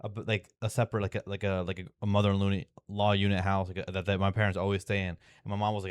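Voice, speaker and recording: A man's voice: lowish voice, racing, few pauses, smooth, no echo. A young man telling a story in a rambling, casual way, full of fillers and restarts, exasperated and swearing now and then. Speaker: vlogger.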